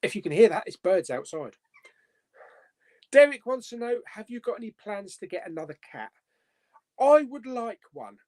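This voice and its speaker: A man's voice: high voice, very animated, moderate pace, long pauses, a little mellow. A young man casually hosting a live movie chat stream, reading out viewer comments, joking and laughing often. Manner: chatty, laughs often, jokey.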